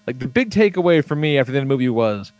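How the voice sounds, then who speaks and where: A man's voice: medium pitch, sing-song, very fast, darkish tone, no room sound. A man chatting casually on a podcast, swearing freely and rambling with lots of fillers as he tells stories. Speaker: podcast co-host.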